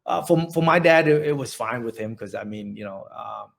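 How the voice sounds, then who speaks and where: A man in his forties from central Vietnam with a Vietnamese accent, telling his story in an oral history interview, halting and restarting often. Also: mid-range voice, animated, gravelly. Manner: halting, many restarts and repeated words.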